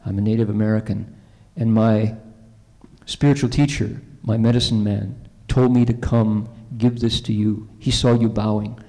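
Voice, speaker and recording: A man's voice: on the low side, steady tone, normal speed, warm tone, lightly acted. A man speaking as a stern, earnest messenger bringing a sacred gift, in a hall. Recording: long hall reverb.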